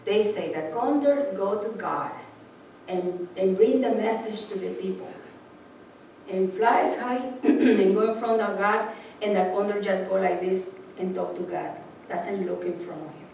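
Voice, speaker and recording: Animated woman telling stories, echoey room. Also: mid-range voice, a little slow, creaky, recorded from a distance, a little hiss or hum. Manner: animated storyteller, acts out voices with laughs. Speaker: spiritual speaker. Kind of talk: informal sermon storytelling.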